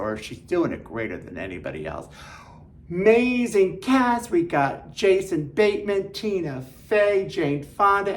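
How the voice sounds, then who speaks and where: A woman hosting a show of film recommendations, chatty and enthusiastic, with jokey asides. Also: fairly low pitch. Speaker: film reviewer host.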